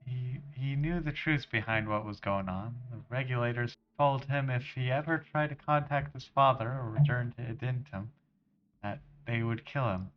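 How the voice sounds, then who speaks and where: A man's voice: medium pitch, normal speed, lo-fi sound, a little hiss or hum, lightly acted. A man reading a nervous, grieving woman leader.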